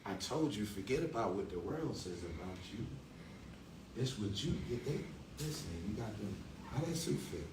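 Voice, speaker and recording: A man speaking as a dean to a group of young men, giving a motivational speech and leading call-and-response chants, moving from low confiding talk to loud calls. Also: animated, normal speed, reverberant, recorded from a distance, noisy background. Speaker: dean leading a youth ceremony.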